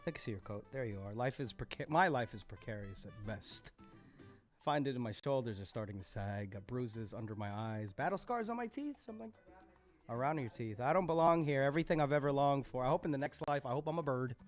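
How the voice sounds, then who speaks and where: A man hosting a live poetry open mic, recapping each performer's lines and thanking them, animated and quick to laugh. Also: medium pitch. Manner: animated, laughing, quoting performers with shouted bursts. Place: poetry cafe venue, live.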